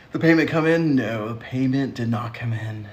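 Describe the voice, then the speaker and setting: A man's voice: mid-range voice, darkish tone. A man hosting a casual livestream who answers viewer comments in a sassy, teasing way and laughs often. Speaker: livestream host.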